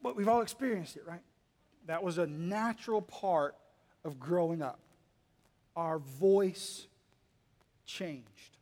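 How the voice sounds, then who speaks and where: High-voiced preacher in a reverberant hall. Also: male voice, slow pace, pauses often. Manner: dynamic, swinging between quiet asides and loud emphatic lines; humorous, teasing the congregation. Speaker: pastor. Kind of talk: sermon. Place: church hall.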